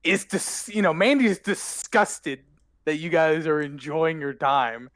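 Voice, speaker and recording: A man running a tabletop role-playing game as game master, narrating scenes with frequent laughs and quick character lines. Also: on the high side, a bit bright, dry recording, clean studio sound.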